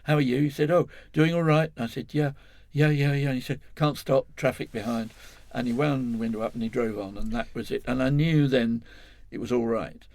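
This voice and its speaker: A man's voice: mid-range voice, steady tone, a little fast, creaky, few pauses, darkish tone. An older man from England, a guest in an interview, telling a long story in a rambling, self-correcting way, chuckling as he goes.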